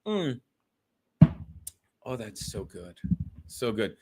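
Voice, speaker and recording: A man's voice: fairly low pitch, very animated, drawn-out words, darkish tone, breathy edge. A male host chatting casually on a livestream, rambling and talking straight to his viewers in the chat. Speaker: podcast host reading live chat.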